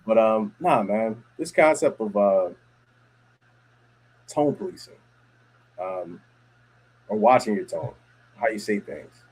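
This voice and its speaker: A man with a low, husky voice hosts a laid-back podcast conversation. He tells stories in a loose, rambling way, circling back with fillers and restarted phrases. The delivery is relaxed and conversational. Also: takes it slowly, pauses often, low-quality recording. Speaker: podcast host. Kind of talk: casual chat.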